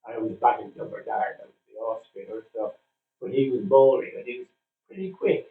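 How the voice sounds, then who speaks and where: An older man from Ireland, a former cricketer, reminiscing in a casual interview, telling his stories with plenty of "uh" pauses. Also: medium pitch, animated. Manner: chatty storyteller with frequent "uh" pauses. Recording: distant, phone-like, roomy sound.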